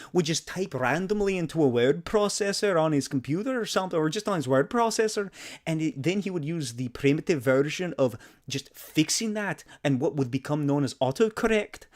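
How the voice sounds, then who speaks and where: A man's voice: a little high, a little mellow. A man doing an impression of a Scottish comic writer with a Scottish accent, recapping a book in a rambling storytelling way.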